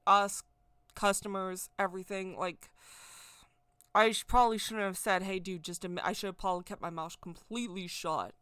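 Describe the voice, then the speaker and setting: A woman's voice: mid-range voice, steady tone, brisk, a bit bright, smooth, no room sound. Rambling woman telling a story. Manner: rambling, repeats and corrects herself. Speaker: vlogger. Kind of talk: casual spoken anecdote.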